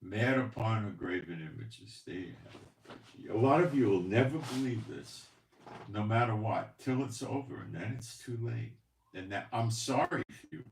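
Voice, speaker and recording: A man's voice: on the low side, gravelly, a little hiss or hum. A man hosting a commentary monologue, preaching and firing off rhetorical questions. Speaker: channel host. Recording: echoey room.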